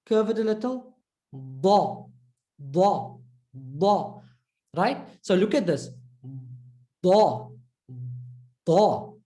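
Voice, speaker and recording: Speaking in a mid-range, slightly mellow voice, a woman runs a live pronunciation class online. She encourages the students and keeps repeating syllables to show how they sound.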